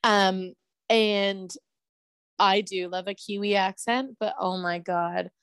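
A woman's voice: medium pitch, steady tone, takes it slowly, fairly bright tone, clean tone, no room sound. A woman co-hosting a casual chat podcast, gushing and giggly. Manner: gushing, giggly, says "oh my God" a lot. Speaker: podcast co-host.

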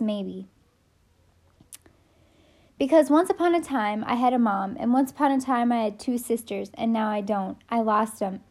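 A woman's voice: on the high side, a little mellow. Spirited woman reading an audiobook. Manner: spirited, folksy storytelling voice. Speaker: audiobook narrator. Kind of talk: first-person audiobook narration.

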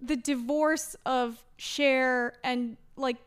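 A young woman with a high, smooth voice chats as a podcast guest. She talks with enthusiasm and is quick to agree. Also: fairly even intonation. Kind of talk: casual chat.

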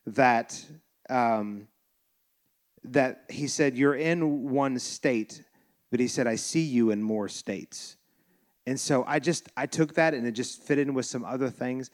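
A man's voice: on the high side, a bit bright. A man preaching a sermon as pastor, loose and joking, with many restarts. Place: church sanctuary.

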